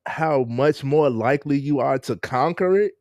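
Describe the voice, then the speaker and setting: A man's voice: mid-range voice, unhurried, a little mellow, no echo, clean studio sound. A man hosting a casual live-stream interview, laid-back and laughing often as he greets viewers. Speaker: host.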